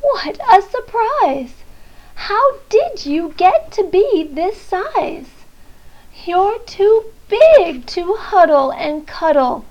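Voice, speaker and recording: A woman's voice: very high-pitched, big pitch swings, drawn-out words, darkish tone, pitched above the performer's own voice, full character voice. A woman voicing a small, frightened boy lost in the woods, exclaiming anxiously in a storybook reading. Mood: amazed. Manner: anxious, wide-eyed exclaiming. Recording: dull lo-fi recording.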